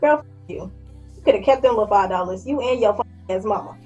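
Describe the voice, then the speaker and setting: A woman in her twenties telling a story in a casual vlog, blunt and profane, with lively acted-out quotes. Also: medium pitch, fast, muffled recording, soft background music. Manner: blunt, profane, animated quoting. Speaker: vlogger.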